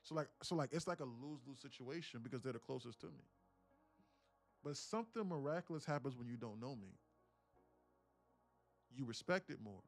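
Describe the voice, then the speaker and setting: A young man hosting a live day-trading stream, talking casually and telling stories in animated, profane slang. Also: mid-range voice, a little fast, long pauses, soft background music. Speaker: day-trading livestream host.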